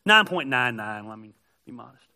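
A middle-aged male pastor giving a conversational, joking sermon that builds to loud, emphatic peaks. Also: medium pitch, sing-song, normal speed.

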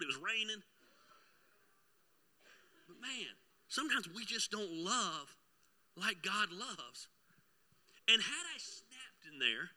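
A high-pitched, middle-aged pastor preaches a sermon and tells a personal story. His voice swings between loud bursts and hushed asides.

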